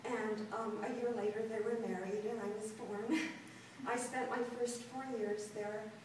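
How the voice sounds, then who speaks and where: A woman's voice: fairly high pitch, steady tone, darkish tone, a little hiss or hum. Older lady telling her own life story, lots of ums, mic far off, big echo. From Los Angeles. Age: 60s. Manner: halting, with frequent ums and laughter. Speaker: performance artist. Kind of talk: autobiographical storytelling performance. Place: gallery room before an audience. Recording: very echoey room, distant mic.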